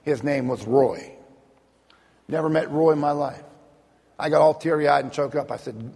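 A man's voice: on the high side, moderate pace, gravelly, pauses often, a little mellow, husky, big-room sound. A middle-aged man giving an earnest, plainspoken personal testimony, sometimes repeating words when moved. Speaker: speaker telling a personal testimony.

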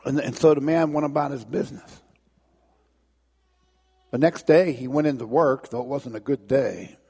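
Gravelly preacher telling a dramatic story. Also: male voice, mid-range voice, normal speed, darkish tone, in a large hall. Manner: dramatic, repetitive, with restarts. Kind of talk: sermon storytelling.

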